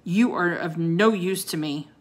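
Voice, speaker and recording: Woman doing a gruff old ice wizard, bellowing, growling, commanding, storybook. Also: fairly low pitch, unhurried.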